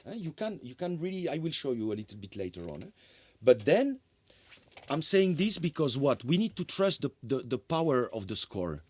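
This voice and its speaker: A man's voice: mid-range voice, normal speed, slightly rough. Man lecturing, peppered with "eh?". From France. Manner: animated, tag questions "eh?", frequent restarts. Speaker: lecturing composer. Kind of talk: conference lecture.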